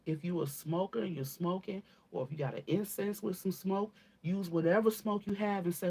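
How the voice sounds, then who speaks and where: Warm and husky, her lowish voice moves at a moderate pace with few pauses. She's a woman delivering a channeled spiritual reading to viewers, speaking bluntly and casually with swearing, calling them "baby," and emphatically repeating things and asking "okay?"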